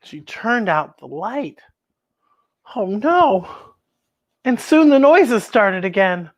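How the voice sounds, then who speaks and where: A woman hosting a children's story time, reading a picture book aloud in an animated, expressive way and exclaiming over the pictures. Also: medium pitch, takes it slowly.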